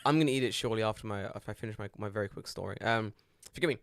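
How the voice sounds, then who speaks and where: A young man, a podcast co-host, telling an animated story in casual chat and swearing freely. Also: fairly low pitch, racing, clear, resonant tone, dry recording, studio quality. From Britain.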